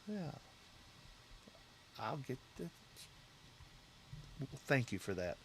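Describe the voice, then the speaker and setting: A man's voice: medium pitch, big pitch swings, slow, a little hiss or hum. A man hosting a casual livestream, rambling and talking straight to his chat viewers from a home setup. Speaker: livestream host.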